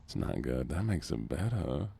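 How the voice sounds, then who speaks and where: A soft-spoken man with a Southern US accent, chatting with viewers during a relaxed gaming stream. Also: a bass voice, moderate pace, vocal fry, slight background noise. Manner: relaxed, chatting to viewers between game moments.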